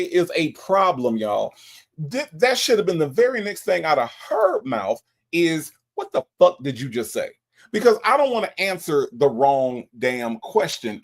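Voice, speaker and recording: Animated gravelly man reacting to a clip. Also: a little high. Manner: animated, exasperated, profane, addresses viewers as y'all. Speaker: host reacting to a clip and reading viewer comments. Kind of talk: casual reaction commentary.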